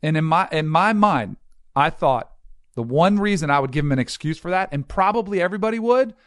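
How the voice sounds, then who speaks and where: Animated man on a sports talk show. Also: a little high, a little fast, dry recording, clean studio sound. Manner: animated storyteller, acts out quotes. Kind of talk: casual sports debate.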